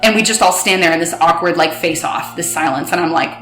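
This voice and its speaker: A young woman recounting a painful personal story in a halting way, acting out bits of dialogue. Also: lowish voice, fairly bright tone, soft background music. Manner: halting, replays dialogue in quotes. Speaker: guest recounting her story. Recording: roomy echo.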